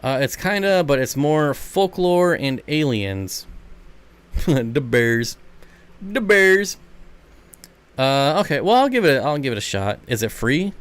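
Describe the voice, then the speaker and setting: Animated man hosting a home livestream. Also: normal speed, clean tone. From United States. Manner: coos to his dogs in a high baby voice, talks back to chat. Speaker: livestream host of an aquarium channel. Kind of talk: casual livestream chat with viewers. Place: at home with his dogs.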